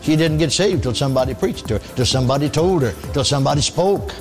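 A man's voice: on the high side, expressive, fast talker, music in the background. A man preaching a sermon in a folksy style, often exclaiming praise and asking for amens. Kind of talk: radio sermon.

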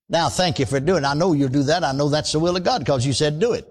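An older man preaching a radio sermon in a folksy, animated way, calling for amens. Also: fairly high pitch, fast, hardly any pauses.

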